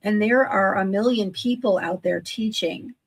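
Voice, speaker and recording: An older woman in her sixties talks in a gravelly voice with a husky edge. She chats eagerly on a video call, piling up restarts and asides as she goes. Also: medium pitch, a little slow. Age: 60s. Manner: chatty, self-correcting, enthusiastic. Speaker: guest, online business owner. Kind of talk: casual livestream chat.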